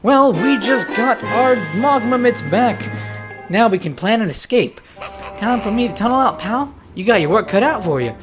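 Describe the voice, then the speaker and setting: A woman's voice: fairly high pitch, lively intonation, moderate pace, over music, lightly acted. A woman voicing a cocky, streetwise male mole creature with a New York accent, chummy and brash. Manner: brash, chummy, calls listener pal.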